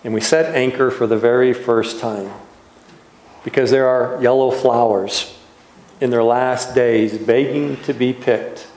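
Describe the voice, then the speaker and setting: A man, a pastor, giving a reflective sermon in a gentle, unhurried way with soft trailing pauses. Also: medium pitch, fairly even intonation. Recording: echoey room.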